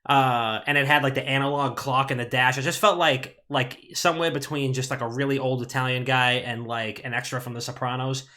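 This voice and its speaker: A man's voice: mid-range voice, a little fast, hardly any pauses. A man co-hosting a casual gaming podcast, telling rambling stories with plenty of swearing. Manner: animated, swearing, rambling storyteller. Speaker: podcast co-host.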